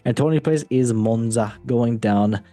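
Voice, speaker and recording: A man hosting a football podcast, running through match results in a relaxed, joking way. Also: mid-range voice, unhurried, soft background music. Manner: relaxed, joking, reads results in a steady run. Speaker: podcast host. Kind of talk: casual football chat.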